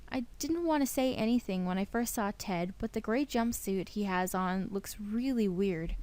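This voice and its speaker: A young woman reading out a visual novel for her let's play, playful and expressive, with a voice in a plain middle range. she narrates the game text with plenty of animation in her delivery. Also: mid-range voice, moderate pace, few pauses.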